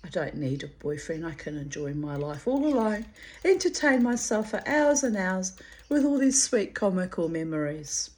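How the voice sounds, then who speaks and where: A woman's voice: on the low side, very animated, moderate pace, darkish tone. Fond, reminiscent woman reading her memoir. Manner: fond, reminiscent, digressive asides and laughter. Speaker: memoir reader.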